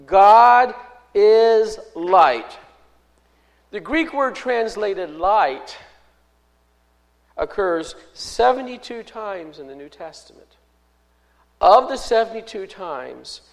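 A man preaching an expository sermon as pastor, measured and emphatic, stressing and repeating key words. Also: high-pitched, poor audio.

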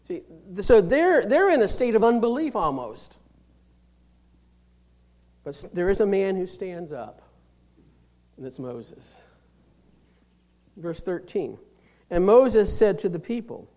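A high-pitched male preacher works through a scripture passage, reading the old verses slowly and then explaining them in plain words. He swings from loud, emphatic lines down to hushed near-whispers. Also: big pitch swings. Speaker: pastor. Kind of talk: sermon.

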